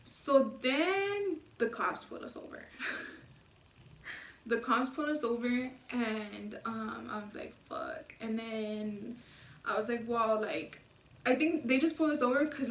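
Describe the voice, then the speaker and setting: Young woman, high-pitched, lively storyteller who swears a lot, recorded in an echoey room with the mic set back. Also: normal speed, recorded from a distance. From Los Angeles area. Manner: animated, swears a lot, acts out the men's voices. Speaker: vlogger telling a story. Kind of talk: casual storytime.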